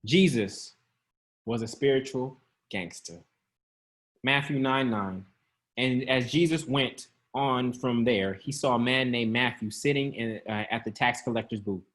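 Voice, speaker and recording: A man's voice: mid-range voice, measured pace, fairly bright tone. Laughing, conversational male preacher. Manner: conversational, laughing, calls out to the audience. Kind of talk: sermon to an online congregation.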